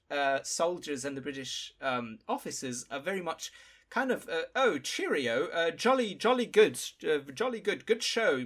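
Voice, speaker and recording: A man's voice: fairly high pitch, creaky, sharp tone. A man co-hosting a podcast, talking through a film in a casual, thoughtful way and searching for words as he goes.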